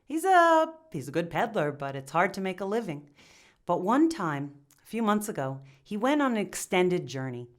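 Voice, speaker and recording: A woman's voice: on the low side, sing-song, moderate pace, voice pushed down. A woman voicing a humble young village man who confesses his guilt earnestly and stumbles over his words. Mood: remorseful. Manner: confessional, stammering with restarts.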